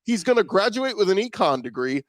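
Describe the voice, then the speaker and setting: A man's voice: sits high, very animated, brisk, no room sound. A man co-hosting a sports podcast, making his case with lots of fillers. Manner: argumentative, filler-heavy. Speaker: podcast co-host. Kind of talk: casual sports chat.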